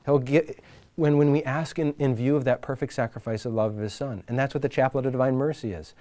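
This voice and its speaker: A man giving a talk at a faith retreat, telling stories in an animated, informal way, shifting between loud and hushed and often restarting his sentences. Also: mid-range voice, a little fast. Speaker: retreat speaker. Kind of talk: retreat talk to a live group.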